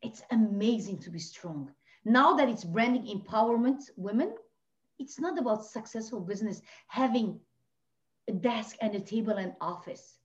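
A woman from Lebanon, a podcast guest telling her personal story with passion, swinging between hushed and near-shouting. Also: mid-range voice, animated, normal speed. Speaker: podcast guest, life coach. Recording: dull lo-fi audio.

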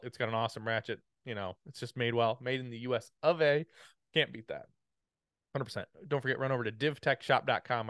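A man's voice: medium pitch, a bit bright, clean tone, no echo, clean studio sound. A man hosting a podcast, reading sponsor plugs in a rambling, upbeat way with lots of fillers. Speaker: podcast host. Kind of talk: casual sponsor read.

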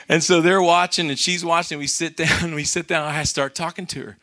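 A man's voice: a little high, a little fast, few pauses. A middle-aged man preaching, telling a story and acting out the voices of the people in it. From North Carolina. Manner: animated storyteller, acts out quoted voices. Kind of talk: sermon storytelling.

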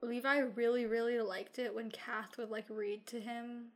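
Young woman, high voice, relaxed casual chatter with fillers. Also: moderate pace. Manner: easygoing, filler-heavy. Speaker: book discussion participant. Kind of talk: casual chat.

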